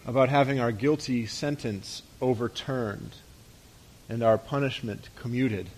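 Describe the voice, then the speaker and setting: A pastor preaching a conversational sermon, asking rhetorical questions and letting his voice drop softly at the ends of phrases. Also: medium pitch, measured pace.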